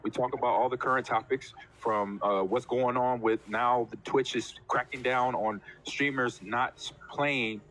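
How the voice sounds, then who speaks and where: A man in his forties, a former professional football player, chatting casually as a guest and telling animated stories with acted-out quotes. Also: medium pitch, a little slow, few pauses. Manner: animated storyteller, acts out quotes. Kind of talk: casual chat.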